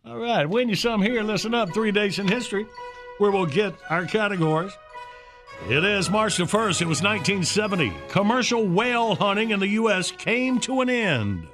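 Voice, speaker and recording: Folksy high-voiced radio host man. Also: animated, normal speed, a bit bright, faint music behind. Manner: folksy, drawling, laughs often. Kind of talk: casual morning radio banter.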